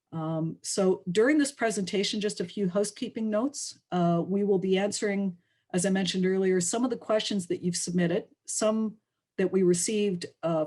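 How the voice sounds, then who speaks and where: A woman's voice: lowish voice, darkish tone. A woman hosting a webinar, giving careful prepared opening remarks with occasional restarts. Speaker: webinar host.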